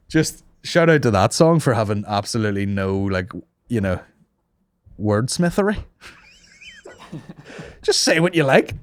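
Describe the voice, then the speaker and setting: A man's voice: medium pitch, huge pitch swings, unhurried, pauses often. A man hosting a comedy podcast, telling stories in casual, sweary banter and slipping into mock voices. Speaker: podcast host.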